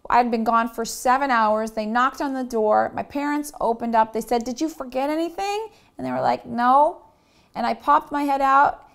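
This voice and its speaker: A woman in her thirties, a wellness coach, giving a candid self-help lesson and telling personal stories with acted-out quotes. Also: high-pitched. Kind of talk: motivational self-help talk.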